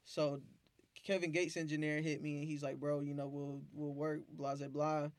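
A man, a beat producer, telling profane, animated stories in a casual interview. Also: fairly high pitch, normal speed, dry recording. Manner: profane, animated storytelling with acted-out quotes.

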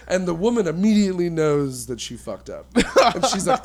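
Man, casual chat, animated storyteller, laughs as he talks. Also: on the high side, moderate pace, few pauses. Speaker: friend telling a story.

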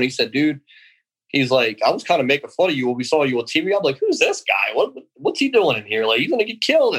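Rambling, animated man telling stories. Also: mid-range voice, husky, rough recording. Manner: rambling, animated, acts out quoted voices. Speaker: guest, former pro wrestler. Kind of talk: casual interview storytelling.

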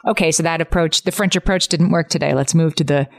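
Woman cohost w a really low voice, explains stuff, easygoing advice talk. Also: fast talker, creaky. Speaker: podcast co-host. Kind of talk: casual podcast chat.

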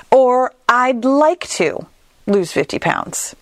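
A woman hosting a solo podcast, talking in a conversational, animated way with playful asides. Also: on the high side, slow pace, no echo, clean studio sound. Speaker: podcast host.

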